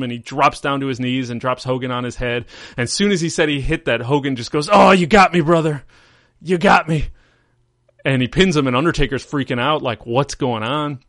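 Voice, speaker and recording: A male podcast host with a medium-pitched, slightly bright voice rambles through stories in casual chat, leaning heavily on fillers. The recording is dry with clean studio sound.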